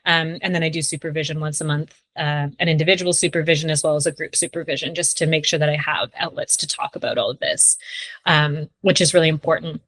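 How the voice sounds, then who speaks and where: Young woman, lowish voice, chatty, lots of fillers, podcast guest, dry close mic. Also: steady tone, quick pace, a bit bright, dry recording. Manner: chatty, frequent "like" and "um". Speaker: sex therapist, podcast guest. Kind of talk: casual podcast conversation.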